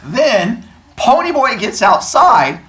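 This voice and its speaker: A male teacher reading a novel aloud to his class, then discussing it in an animated, jokey way and acting out the scenes. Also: extremely high pitch, slow pace, echoey room, low-quality recording.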